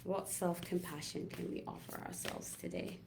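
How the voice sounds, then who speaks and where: A woman holistic health coach giving a gentle, reflective talk with slow, drawn-out pauses. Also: lowish voice, steady tone, creaky, noisy background. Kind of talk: casual inspirational talk.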